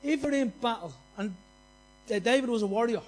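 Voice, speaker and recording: Male preacher, very high voice, passionate and repetitive, folksy anecdotes from the pulpit. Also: lively intonation, moderate pace, faint music behind. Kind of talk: sermon.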